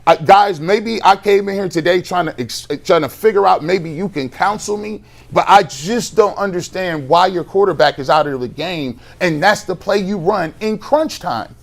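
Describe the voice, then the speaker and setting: A man's voice: high voice, normal speed, gravelly, few pauses. A man co-hosting a sports talk show, arguing his point with heat, emphatic and repeating himself as he builds his case. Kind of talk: heated sports talk debate.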